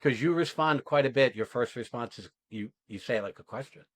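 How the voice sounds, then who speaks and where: A man's voice: medium pitch, fairly quick, no room sound. Blunt, emphatic male acting coach. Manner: emphatic, blunt, swears freely. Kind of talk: coaching an acting class demo.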